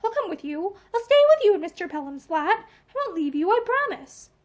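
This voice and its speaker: A kind, sensible young woman, soothing and matter-of-fact, as a woman reads her lines from a storybook. The voice is very high and lively. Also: a little fast.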